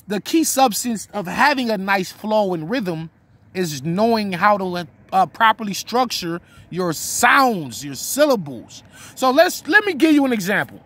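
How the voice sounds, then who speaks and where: A man's voice: very high voice, pushed and bright. A man giving a casual, talkative lesson on writing rap rhymes, now and then reciting his own bars. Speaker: battle rap teacher.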